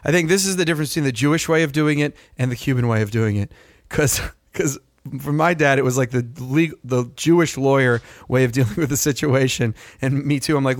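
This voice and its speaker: A young man in casual chat who tells an animated story, acting out quotes and swearing freely. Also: medium pitch, fairly quick, few pauses, dry recording, studio quality.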